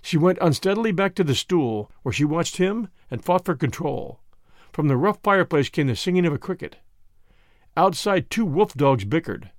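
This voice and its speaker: A man narrating an audiobook in a measured, expressive storytelling manner. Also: fairly high pitch, no room sound, clean studio sound. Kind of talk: audiobook reading.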